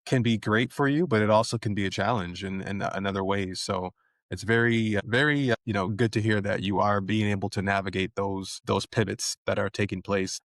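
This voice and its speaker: Man, podcast host, low voice, affirming, halting, dry sound. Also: no echo. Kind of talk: interview host questions.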